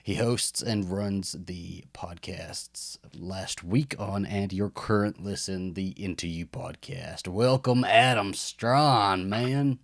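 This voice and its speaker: Guy hosting a podcast, lowish voice, laughs a lot, dry close sound. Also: slow pace, hardly any pauses, no echo. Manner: laughs often, relaxed banter. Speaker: guest host. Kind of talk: podcast interview, casual chat.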